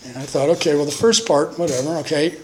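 A man's voice: fairly high pitch, fairly even intonation, fast, a little hiss or hum, low-quality recording. A man in his fifties giving an earnest personal testimony at a recovery meeting, acting out the voices of the people in his stories. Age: 50s. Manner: earnest storytelling, acts out quoted voices.

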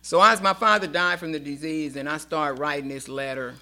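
Forceful, sharp-voiced woman telling her story. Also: deep voice, fairly even intonation, moderate pace. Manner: emphatic storyteller acting out quoted dialogue. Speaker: speaker sharing at a recovery meeting. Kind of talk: personal testimony.

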